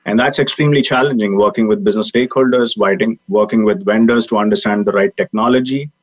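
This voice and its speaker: A man's voice: on the low side, fast talker. A man speaking earnestly as a podcast guest over a video call, with frequent fillers. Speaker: guest, technology leader. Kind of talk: casual interview talk. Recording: dull lo-fi video call audio.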